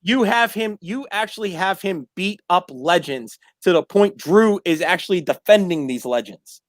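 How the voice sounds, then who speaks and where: A man hosting a sports talk show, arguing his point in an insistent, animated way. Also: sits high, moderate pace, no room sound, clean studio sound. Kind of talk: casual debate.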